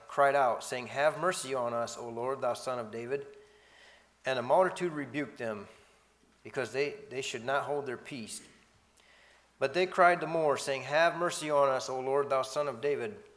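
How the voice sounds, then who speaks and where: A man in a reverberant space reads scripture aloud and comments between the passages. He stumbles and restarts now and then. His voice sits at a middling pitch. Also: fairly bright tone. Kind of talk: Bible study reading and commentary.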